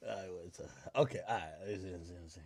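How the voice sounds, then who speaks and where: A man hosting a casual livestream, rambling, swearing and laughing a lot as he swings from loud outbursts to mumbling asides. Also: low-pitched, slightly rough. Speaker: livestream host.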